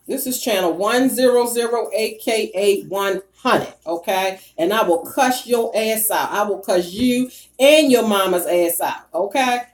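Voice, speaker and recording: A woman hosting a casual live stream, reading the chat and ranting bluntly, with heavy cursing and bursts of loud laughter. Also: medium pitch. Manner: profane, blunt and animated.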